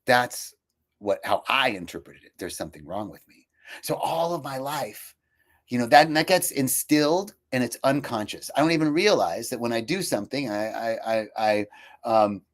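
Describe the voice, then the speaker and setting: A man's voice: mid-range voice, normal speed. Reflective man sharing personal stories. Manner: reflective, personal storytelling with frequent fillers and restarts; quotes himself and others in lively voices. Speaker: speaker for a healing retreat. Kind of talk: casual live talk.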